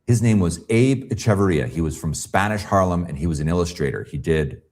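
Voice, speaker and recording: A man's voice: low voice, fairly quick. A man, a guest pastel artist in a casual interview, telling stories with animation and acting out other people's voices. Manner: animated storyteller who acts out quoted voices.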